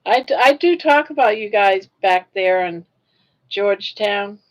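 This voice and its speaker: A woman's voice: mid-range voice, animated, a little slow, dull audio. An older woman hosting her own live stream, chatting casually and reacting aloud to viewer comments. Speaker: livestream host.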